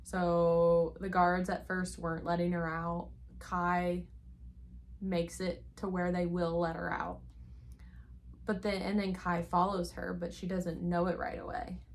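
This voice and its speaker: A woman's voice: on the low side, flat delivery, measured pace. A woman reviewing a book she loves in a casual chat, gushing and rambling with plenty of "like" fillers.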